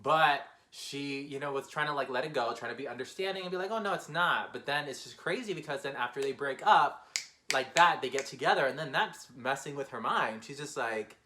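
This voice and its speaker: Man reacting to an album, quick and gushing, bright clear tone. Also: medium pitch, slight background noise. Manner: fast-talking, emotional, exclamatory. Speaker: music reaction host. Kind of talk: casual reaction commentary.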